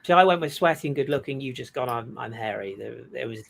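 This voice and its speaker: Gravelly podcast host, joking. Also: male voice, mid-range voice, fast, a bit bright. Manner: jokey, self-mocking banter. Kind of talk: casual chat.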